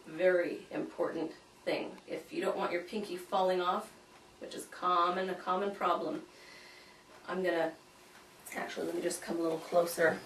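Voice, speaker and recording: A woman's voice: lowish voice, slight background noise. A woman teaching violin, explaining step by step and demonstrating as she goes, recorded from a distance in an echoey room. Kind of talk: instructional demonstration.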